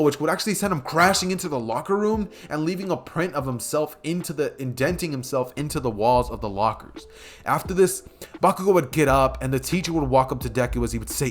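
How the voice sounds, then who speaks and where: A man's voice: a little high, lively intonation, quick pace. Rambling casual male storyteller. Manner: rambling, self-correcting narration. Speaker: fan story narrator.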